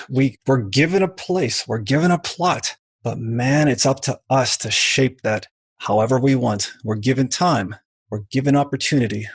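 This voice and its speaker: Middle-aged man, author guest, gravelly, husky, animated storyteller. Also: medium pitch, no room sound. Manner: animated storyteller who mimics voices in quoted anecdotes. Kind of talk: podcast interview, storytelling.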